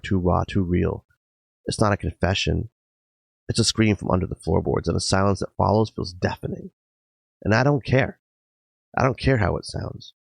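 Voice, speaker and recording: A man hosting a podcast, narrating a personal story in a dramatic first-person style, intense and emotional with sudden loud outbursts. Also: sits low, creaky, breathy edge, no room sound. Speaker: podcast host. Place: garage.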